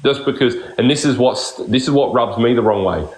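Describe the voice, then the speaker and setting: A man's voice: mid-range voice, fairly quick. Swearing man ranting in an echoey room. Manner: swears constantly, combative and ranting. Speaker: livestream streamer. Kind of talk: heated live-stream argument.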